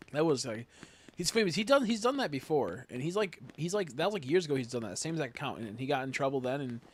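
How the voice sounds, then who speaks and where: A man's voice: fairly high pitch, sing-song, a little fast, bright, forceful tone, breathy edge. Rambling, profane young male streamer. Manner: rambling, profane, talks to chat. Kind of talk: casual live-stream chat.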